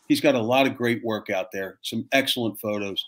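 A fire captain in his fifties telling stories in a casual, animated way, swearing freely and acting out the people in them. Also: lowish voice, a little fast. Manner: animated, profane, acts out voices in his stories. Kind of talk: casual storytelling chat.

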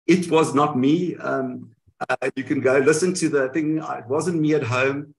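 A man in a candid interview, telling his side of events in an animated way and often correcting himself mid-sentence, heard over a video call. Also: medium pitch, unhurried, creaky, low-quality recording. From South Africa. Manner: animated storytelling, frequent self-corrections. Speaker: guest.

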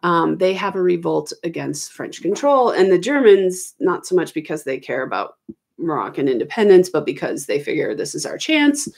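A middle-aged woman talks through a history exam review at home in a slightly low voice. She explains casually, stopping to correct herself and filling gaps with ums. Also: expressive, normal speed, gravelly, darkish tone. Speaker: history teacher. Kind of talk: recorded exam review lesson. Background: children arguing in the background.

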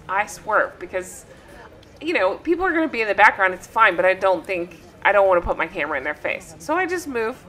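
A woman's voice: mid-range voice, sharp tone. A woman hosting a travel vlog and chatting in a gushing, breathless way. She sounds tired from travel and talks into a travel mic. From United States. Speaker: vlog host. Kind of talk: excited travel vlog chat.

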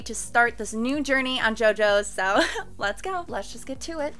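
A young woman doing a casual anime reaction, excitable and quick to gasp and shriek. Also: a little high, faint music behind. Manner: excitable, gasping and shrieking in surprise.

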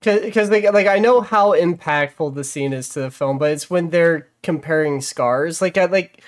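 A man's voice: on the high side, normal speed. A man chatting casually on a podcast, rambling through his point with constant filler words and restarts.

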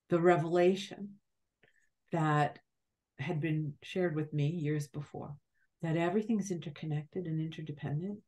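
Podcast guest: middle-aged woman, deep voice, unhurried, reflective spiritual storyteller with halting restarts. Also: a little mellow.

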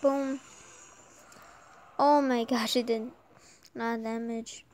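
A woman giving excited live gameplay commentary while she has a sore throat from an oncoming cold. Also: a little high, slow. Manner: excitable, urging the game on aloud. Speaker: gamer.

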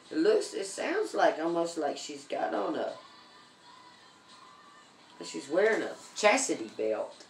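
A woman's voice: deep voice, reverberant. A woman giving a casual tarot reading, chatty, with many ums and repeated okays. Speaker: tarot reader.

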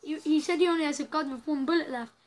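A young woman chatting through a story game, reacting loudly and with dismay to what happens on screen. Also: high voice, quick pace, a little hiss or hum. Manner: chatty and reactive, frequent loud dismayed outbursts. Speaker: gamer playing a story game. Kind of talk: let's play commentary.

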